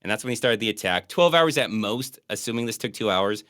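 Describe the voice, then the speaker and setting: A man riffs his way through an action film alongside a friend, rambling and laughing at his own jokes. His voice is bright and animated, with wide swings in pitch. The recording is dry and close. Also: a little fast, no room sound. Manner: joking, rambling, laughs often. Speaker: podcast co-host. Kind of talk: casual movie commentary chat.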